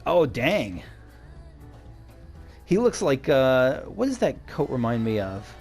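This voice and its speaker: A man's voice: mid-range voice, sing-song, slow pace, darkish tone, slightly rough. A man casually commenting on a game he is playing, chatty and enthusiastic, with faint game music behind. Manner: chatty, enthusiastic, self-interrupting. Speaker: let's play host.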